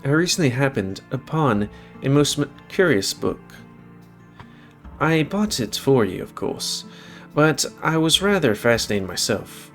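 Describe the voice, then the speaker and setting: A man's voice: medium pitch, sing-song, a bit bright, faint music behind. A man doing a genteel old grandfather. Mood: fond. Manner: formal, genteel, unhurried. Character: kindly elderly grandfather, a painter.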